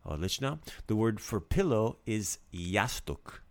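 A low-voiced man runs a relaxed podcast language lesson, his pitch swinging widely as he jokes around. He coaches listeners through each word and drills its pronunciation. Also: measured pace. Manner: lively, joking, coaching pronunciation. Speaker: language teacher host.

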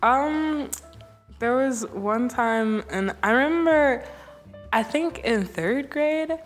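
A woman's voice: fairly high pitch, expressive, takes it slowly. A teenage girl co-hosting a student podcast, telling sheepish stories with lots of giggling. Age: teens. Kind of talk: casual chat, storytelling. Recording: loud music under the talk.

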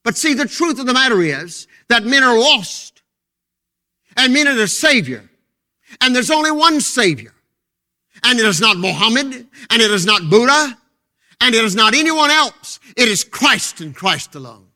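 High, bright-voiced fervent male preacher. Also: sing-song, normal speed. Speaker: pastor. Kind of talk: sermon. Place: church pulpit.

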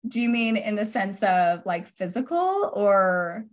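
A woman's voice: mid-range voice, very animated, a little slow. A woman in her forties speaks as a podcast guest in an earnest, reflective way. She laughs easily and talks in a loose, conversational flow. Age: 40s. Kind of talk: casual interview talk.

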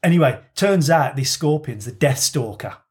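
A man's voice: a little high, expressive, normal speed, a little mellow. A man telling a long, rambling story in casual podcast banter, swearing freely.

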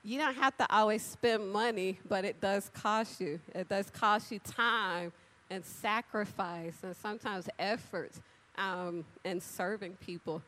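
A woman preaching an animated, chatty sermon, talking straight to the congregation and acting out little conversations. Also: mid-range voice, a little slow. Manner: animated, chatty, addresses crowd directly; acts out dialogue with big voice swings. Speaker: church speaker. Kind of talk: lively sermon with storytelling.

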